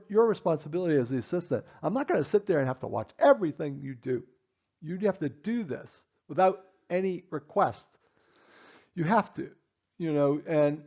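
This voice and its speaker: Stern, gravelly-voiced male dentist lecturing. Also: on the high side, expressive, normal speed, a little mellow, lo-fi sound. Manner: emphatic, repetitive, stern. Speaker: dentist instructing assistants. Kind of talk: training lecture.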